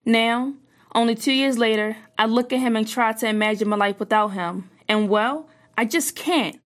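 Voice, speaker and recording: A young woman earnestly reading a personal story aloud, in a measured storytelling manner. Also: fairly high pitch.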